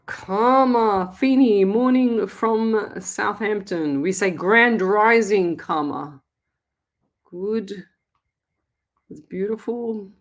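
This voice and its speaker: A woman's voice: medium pitch, very slow. A middle-aged Australian woman, a psychic medium hosting a live call-in show, talking in a chatty, blunt and scolding way. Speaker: psychic medium radio host. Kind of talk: live call-in reading, casual chat.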